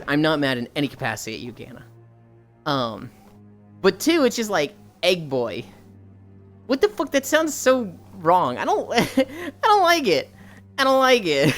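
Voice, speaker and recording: A woman streamer chatting casually with her chat, swearing and laughing as she goes. Her voice sits low but swings widely in pitch. Faint music plays underneath. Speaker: livestreamer.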